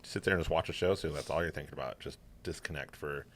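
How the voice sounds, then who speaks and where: A man's voice: very deep voice, fast talker, fairly bright tone, slight background noise. An easygoing man chatting casually on a podcast, laughing often. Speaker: podcast co-host. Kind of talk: casual chat.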